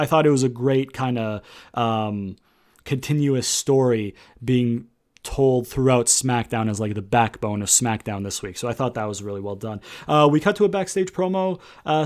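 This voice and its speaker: A man's voice: mid-range voice, darkish tone. A man giving a casual recap of a wrestling show, rambling with many fillers and restarts.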